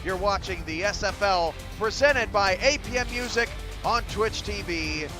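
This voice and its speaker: Excitable male play-by-play voice. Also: high-pitched, unhurried, over music. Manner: excitable, surges loud on big plays. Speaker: play-by-play commentator. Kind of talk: sports commentary.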